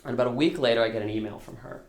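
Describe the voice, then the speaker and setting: A man's voice: medium pitch, rapid-fire, echoey room, slight background noise. A man telling a true story on stage at a storytelling concert, conversational and self-deprecating, with frequent restarts. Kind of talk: live storytelling performance.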